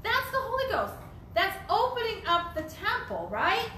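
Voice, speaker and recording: A woman teaches a Bible study with emphatic delivery, repeating phrases and posing rhetorical questions. Her very high voice swoops wildly in pitch and sounds pushed and bright at normal speed, recorded in an echoey room with a little hiss or hum.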